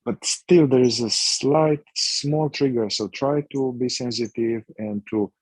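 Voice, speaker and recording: A man explaining a somatic inquiry practice in a slow, searching way, often restarting his phrases. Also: mid-range voice, no echo, low-quality recording. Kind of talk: guided practice instruction.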